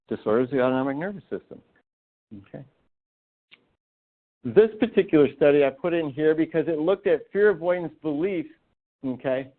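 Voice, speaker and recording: A man giving a continuing-education talk to physical therapists, emphatic and full of rhetorical questions. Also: a little high. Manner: emphatic, rhetorical questions, acts out patient quotes. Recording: tinny phone-like webinar audio.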